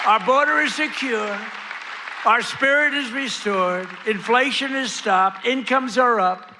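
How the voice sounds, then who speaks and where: Male politician at a rally: high, gravelly, punchy delivery, boastful and repetitive, faint crowd behind. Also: lively intonation, a little slow. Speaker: president giving a rally speech. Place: outdoor or arena rally with a crowd. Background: faint crowd noise.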